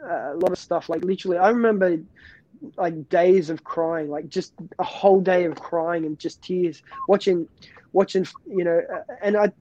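A man's voice: high-pitched, darkish tone, no echo, poor audio. A man, a pastor, giving an earnest personal faith testimony in an interview, often restarting and repeating words.

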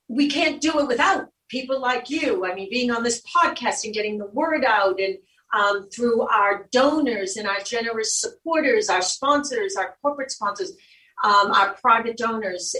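Boston-accented woman, bright and distant. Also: fairly high pitch. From Boston area, New England. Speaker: guest from animal rescue education program. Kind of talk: casual podcast conversation.

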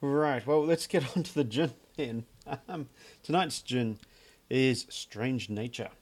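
A man's voice: medium pitch, slow pace, darkish tone. A man co-hosting a casual podcast about gin, talking in a dry, joking way with plenty of fillers. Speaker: podcast co-host. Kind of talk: casual chat.

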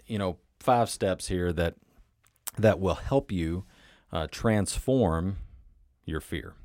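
A man's voice: fairly low pitch, a little mellow, no room sound, clean studio sound. A man hosting a motivational self-help talk, speaking conversationally with repeated phrases and rhetorical questions, sometimes acting out inner voices. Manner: acts out inner voices in short quoted asides. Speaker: podcast host.

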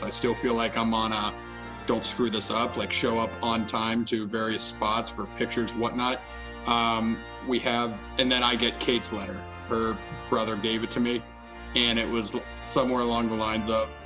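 A man's voice: mid-range voice, little pitch movement, moderate pace, music in the background, low-quality recording. A young man co-hosting a podcast, telling a story in a casual, self-mocking way. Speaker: podcast co-host. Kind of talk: casual chat.

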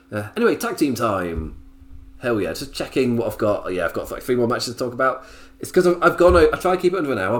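A man hosts a relaxed solo podcast review, his voice rising and falling in a lively, animated way. He talks in a chatty, rambling style, laughs often and wanders off on tangents before pulling himself back. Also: mid-range voice. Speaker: podcast host reviewing wrestling.

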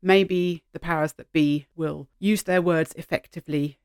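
A middle-aged woman hosting a solo podcast, talking in an animated, heartfelt way from behind a microphone at home. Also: low-pitched, moderate pace, smooth, no room sound, studio quality. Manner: animated, heartfelt, gently emotional. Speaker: podcast host. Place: sitting at home. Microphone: studio microphone.

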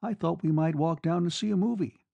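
A man's voice: a little high, a little fast, vocal fry, warm tone, dry recording, pitched above the performer's own voice. A man reading aloud voices a young male soldier who speaks politely and a little uncertainly. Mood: polite, coaxing. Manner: polite, tentative.

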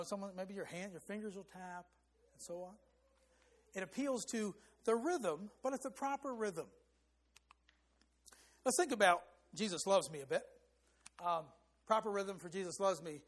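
High-voiced man preaching a sermon. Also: moderate pace, long pauses, fairly bright tone. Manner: sings short hymn phrases to show rhythm; emphatic, rising for stress.

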